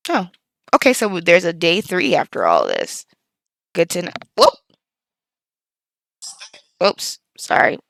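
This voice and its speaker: A woman's voice: fairly low pitch, wildly swooping pitch, slow pace, vocal fry, long pauses, fairly bright tone, no echo, clean studio sound. A young woman streaming a game playthrough, reacting and commenting while keeping her voice down late at night. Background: faint game music.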